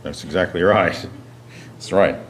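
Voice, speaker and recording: A man teaching a Bible class, reading scripture aloud and asking his listeners questions, often clearing his throat. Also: sits low, unhurried, crowd noise. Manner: frequent throat clearing and restarts.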